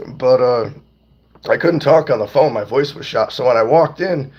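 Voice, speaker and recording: A young man with a hoarse, worn-out voice, chatting loosely and profanely on a livestream and greeting viewers by name. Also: medium pitch, normal speed. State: hoarse, voice nearly gone. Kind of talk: casual livestream chat. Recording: dull lo-fi stream audio.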